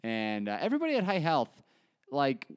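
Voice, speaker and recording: Crude, animated young man telling stories. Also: medium pitch, a little fast, clean tone. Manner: crude, animated storyteller, mimics people he quotes. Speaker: podcast co-host. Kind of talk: casual storytelling chat.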